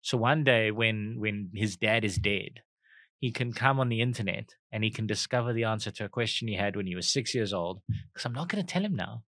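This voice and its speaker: South African man, 30s, comic podcast host; bright, punchy delivery, dry mic. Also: on the low side, steady tone, no echo. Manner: jokey, quick, mock accents for laughs. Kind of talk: casual comedic chat.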